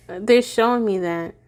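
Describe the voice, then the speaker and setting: A woman's voice: mid-range voice, a little mellow. A woman giving a casual tarot reading to her viewers, chatty and goofy, laughing often and sounding tired. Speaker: tarot reader.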